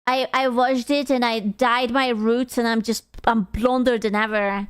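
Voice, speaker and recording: A woman streamer with a high, smooth and clear voice, chatting with her viewers at an easy pace. She swears freely, bursts into laughter and puts on mock outrage, all in a dry, close sound. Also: fairly even intonation, unhurried, no room sound. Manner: loud laughing reactions and frequent swearing. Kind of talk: casual stream chat reading comments.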